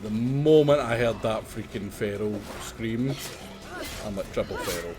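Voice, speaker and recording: Low-pitched male streamer, chatty and exasperated, game music faintly under the voice. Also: takes it slowly. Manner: chatty, exasperated, explains tactics at length. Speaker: streamer playing a survival game. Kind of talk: casual gameplay commentary.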